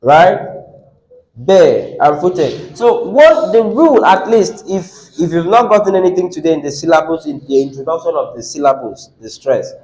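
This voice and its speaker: A man's voice: a little high, animated, moderate pace, a little mellow, low-quality recording. A man teaching an exam class, asking the students rhetorical questions and repeating words for emphasis. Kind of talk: classroom lecture.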